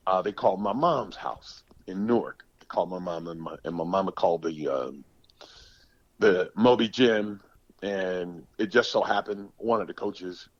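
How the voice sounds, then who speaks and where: A man in his sixties from the United States, a former pro football player telling stories in a podcast interview, animated and emphatic, often repeating words. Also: lowish voice, husky, no room sound, dull audio. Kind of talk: storytelling interview.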